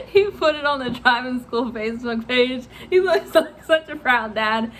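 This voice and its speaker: A young woman vlogger telling a story in a casual, animated way, laughing often, swearing freely and acting out what people said. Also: high voice, measured pace.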